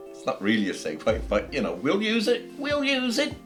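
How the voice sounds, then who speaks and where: A man's voice: lowish voice, wildly swooping pitch, normal speed. A middle-aged man with a South African accent hosting a casual podcast, ranting passionately and preachily, with frequent restarts. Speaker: podcast host. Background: faint background music.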